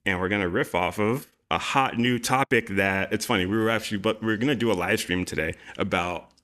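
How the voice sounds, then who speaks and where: Deep-voiced casual man. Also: brisk. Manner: loose, excitable, swears freely. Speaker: podcast co-host. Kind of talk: casual livestream chat.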